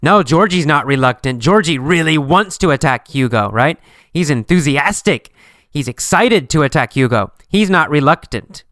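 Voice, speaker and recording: A man teaching an English lesson, asking simple questions and answering them himself, slowly and with a lot of repetition. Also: on the high side, animated, a bit bright, dry recording, studio quality.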